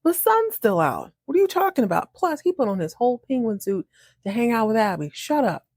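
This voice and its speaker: A woman hosting a podcast, recapping a TV episode in an animated, chatty way, acting out the characters' lines and laughing often. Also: a little high, brisk, husky, dry recording, studio quality. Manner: animated, acts out characters' lines in shifting voices. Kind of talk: casual recap monologue.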